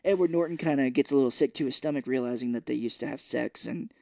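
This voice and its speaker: A man's voice: mid-range voice, fast, vocal fry, dark tone, no echo. A man co-hosting a podcast, casually retelling a film's plot in a rambling way and quoting its lines. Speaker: podcast co-host. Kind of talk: casual film recap chat.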